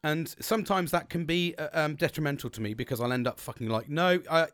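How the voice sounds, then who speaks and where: British man, podcast host, lively up-and-down voice, slightly high, sweary, rambling, dry close sound. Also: fast, dry recording. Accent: British English. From Britain. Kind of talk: casual solo podcast chat.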